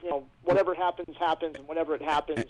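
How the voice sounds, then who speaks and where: Male caller on a phone line; high-pitched, quick and chatty storyteller. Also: fairly even intonation. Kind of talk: casual chat. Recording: dull phone-line audio.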